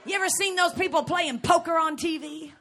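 A woman preaching a lively sermon to a congregation, often shouting and acting out little scenes. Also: extremely high pitch, a little fast, creaky. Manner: animated, shouting, acts out scenes. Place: church before a live congregation.

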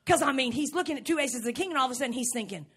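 A woman preaching a lively sermon to a congregation, often shouting and acting out little scenes. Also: high-pitched, racing, husky. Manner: animated, shouting, acts out scenes. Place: church before a live congregation.

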